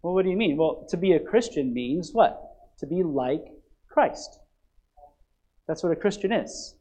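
High-voiced guy preaching, gets loud then drops way down, asks the room to finish his lines. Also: expressive, fairly quick. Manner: emphatic, rising to loud passages and dropping low; asks the congregation to fill in words. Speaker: pastor. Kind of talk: sermon.

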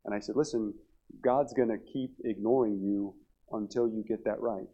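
Middle-aged guy preaching at a church revival, deepish voice, keeps restarting words, lo-fi sound. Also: steady tone, moderate pace, mellow. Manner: storytelling with frequent repeated restarts. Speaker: pastor. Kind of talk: sermon. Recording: dull lo-fi sound.

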